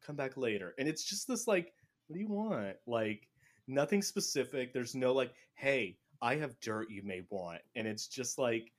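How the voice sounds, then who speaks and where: A man's voice: medium pitch, normal speed. Guy on a book podcast, chatty, does little voices for the characters. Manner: animated, acts out characters' lines. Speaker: podcast host recapping a book. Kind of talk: casual chat.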